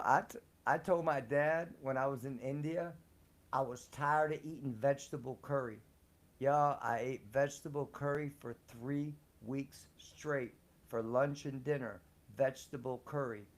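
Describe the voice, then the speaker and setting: On a live show, a man casually tells personal stories, slangy and profane, and laughs often. His voice is mid-range and steady, and he speaks a little slowly.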